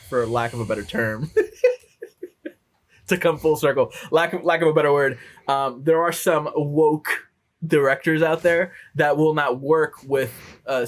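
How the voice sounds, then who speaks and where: A man's voice: mid-range voice, fairly bright tone. A man co-hosting a podcast in casual chat, hesitant, with many fillers and restarts. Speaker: podcast co-host.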